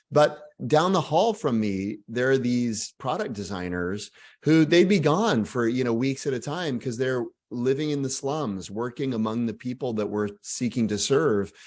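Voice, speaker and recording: A man in his forties from Texas with a Texan accent, an author answering interview questions in animated, self-deprecating stories. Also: mid-range voice, moderate pace. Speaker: author guest.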